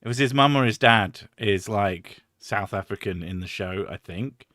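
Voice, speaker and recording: Man, bright voice, rambling sweary chat, dry sound. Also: fairly low pitch, moderate pace, dry recording. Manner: rambling, sweary, laughs often. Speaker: streamer host. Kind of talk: casual chat.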